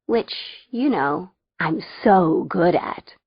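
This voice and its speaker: A woman's voice: lowish voice, animated, drawn-out words, breathy edge, no room sound, lo-fi sound. A woman narrating a first-person audiobook in a wry, conversational way.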